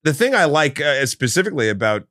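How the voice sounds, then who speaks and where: A man co-hosting a film podcast, speaking in a laid-back, halting way. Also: on the high side, sing-song, sharp tone, no echo, clean studio sound. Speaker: podcast co-host. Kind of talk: casual film discussion.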